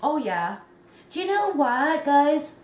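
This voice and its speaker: A woman in her fifties, a crochet vlogger, gushing and exclaiming excitedly as she unboxes a gift on camera. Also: sits high, takes it slowly. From Canada. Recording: echoey room with faint noise.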